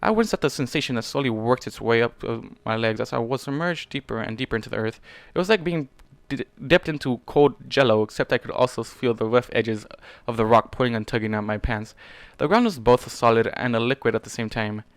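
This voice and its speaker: A man's voice: mid-range voice, brisk, hardly any pauses, no room sound. A man reading a fan story aloud in first person, stumbling and correcting himself now and then. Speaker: fanfiction reader.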